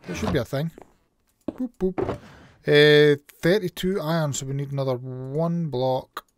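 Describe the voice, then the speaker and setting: A man's voice: a little high, steady tone, moderate pace, no echo. A man with a Scottish accent hosting his gaming channel, chatting casually and playfully while he plays, making little sound effects. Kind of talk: casual game commentary.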